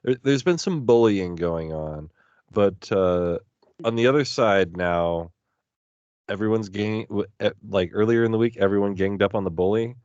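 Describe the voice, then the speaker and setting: Low-voiced man joking dryly. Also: normal speed, a little mellow, clean tone, no echo, muffled recording. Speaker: podcast co-host. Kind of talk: casual chat.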